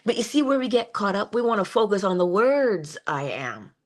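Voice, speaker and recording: Woman, inspirational speaker, casual spiritual talk, playful, slows down for emphasis. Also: medium pitch. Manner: conversational, playful asides, slow drawn-out emphasis.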